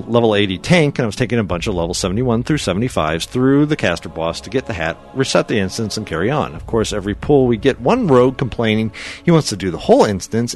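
A man co-hosting a casual gaming podcast, reading listener emails aloud and teasing his co-host with laughing banter. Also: mid-range voice.

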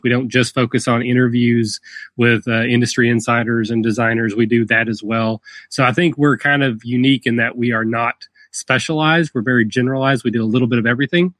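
A man's voice: medium pitch, a bit bright, no echo. A man hosting a podcast and talking about running tabletop games, rambling a little and poking fun at himself, with many fillers. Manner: rambling, self-deprecating, frequent fillers. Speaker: podcast host and dungeon master. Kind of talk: casual podcast interview.

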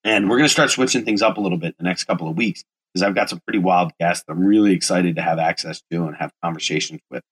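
Deep-voiced man in his forties, rambling. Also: fast talker, fairly bright tone, slightly rough, low-quality recording. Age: 40s. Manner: loose, rambling, swears casually, self-corrects. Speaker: podcast host. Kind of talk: casual solo podcast monologue.

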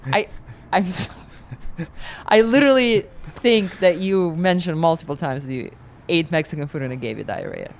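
A woman co-hosting a casual podcast chat. Her pitch sits low but swings widely as she gushes. A faint hiss runs under her voice. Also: unhurried, pauses often. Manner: gushing, animated, laughing. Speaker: podcast co-host.

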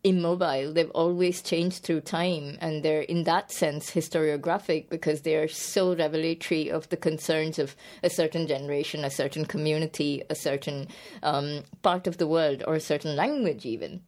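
Interviewed about her book, a woman poet and author speaks thoughtfully but hesitantly, with many restarts and fillers, and laughs easily. Her low-pitched, slightly mellow voice holds a steady tone at a moderate pace with few pauses.

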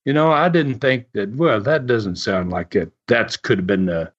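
A man's voice: on the low side, moderate pace. Older man rambling through a story, muffled. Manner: rambling, full of fillers and restarts. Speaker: podcast host. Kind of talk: casual storytelling monologue. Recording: dull lo-fi recording.

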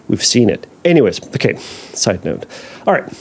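A man hosting a podcast, answering a listener's question in a casual, animated way, acting out anxious thoughts and making jokey asides. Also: on the low side, moderate pace. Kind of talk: casual advice talk.

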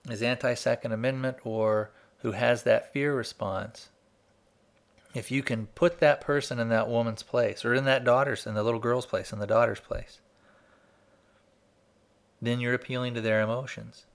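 A man talks at a mid-range pitch, teaching in a measured, methodical way. He builds an example story step by step to make his point. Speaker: speaker teaching persuasion. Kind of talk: instructional talk with storytelling.

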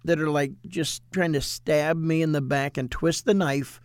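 A man who is a minister, talking in an animated, preachy way in a casual ministry discussion and quoting scripture with emphasis. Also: on the high side, moderate pace, clear, resonant tone, no echo, studio quality.

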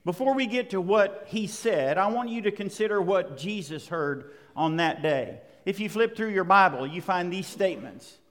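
A man preaching a sermon to his congregation, with emphatic delivery, dramatic pauses and building intensity. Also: high-pitched, lively intonation, a bit bright. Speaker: pastor. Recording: long reverb of a large hall.

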